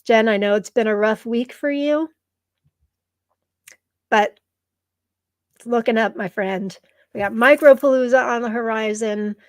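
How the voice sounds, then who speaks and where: A woman's voice: a little high, unhurried, pauses often, no room sound. A woman hosting a live stream in casual chat, gushing and reading viewer comments aloud, tearful at times. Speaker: live show host.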